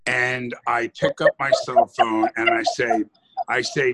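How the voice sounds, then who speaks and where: A podcast co-host spins a long anecdote in casual conversation, animatedly acting out the quotes and frequently starting his sentences over. His medium-pitched voice keeps a measured pace against a noisy background.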